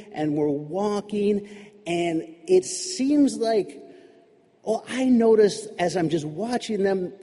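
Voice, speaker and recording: High-voiced man telling a story. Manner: conversational, animated, many restarts. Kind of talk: live personal storytelling. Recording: reverberant hall.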